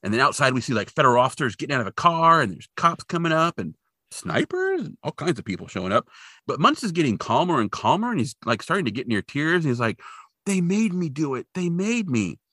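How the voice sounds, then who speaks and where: A man in a casual podcast chat, recapping an episode scene by scene. His pitch swings widely, and his tone is bright and forward. The sound is dry and close. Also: sing-song, breathy edge, no echo. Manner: jokey, acts out characters' lines in quick voices.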